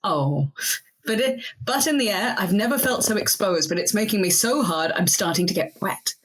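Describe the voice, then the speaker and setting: A woman's voice: mid-range voice, animated, moderate pace, slightly rough. A woman co-hosting a podcast, chatting casually and reading a story aloud in a playful way. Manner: playful, laughs between readings. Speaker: podcast co-host.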